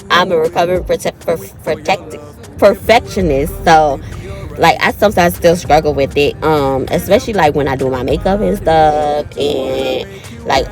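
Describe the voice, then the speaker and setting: A woman in her thirties talks in a low voice, slightly under the weather with a cold. She chats casually and directly to her viewers, calling them y'all and honey. Faint music plays underneath. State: has a cold. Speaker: vlogger. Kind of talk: casual storytime chat.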